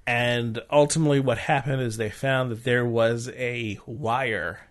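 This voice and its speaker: A man's voice: mid-range voice, fairly even intonation, a little slow. Brief: ordinary-voiced man, chatty explainer, stumbles and restarts. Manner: explains science with many restarts. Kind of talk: casual chat.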